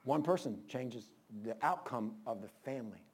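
An older man preaching a sermon to his congregation, impassioned, rising to urgent peaks and dropping low. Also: animated, moderate pace, breathy edge. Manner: impassioned preaching, rises then drops low. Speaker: pastor.

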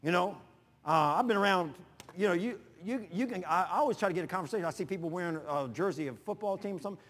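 A man pastor preaching in a folksy, animated way, telling personal stories with sudden loud bursts. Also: high voice, quick pace, big-room sound.

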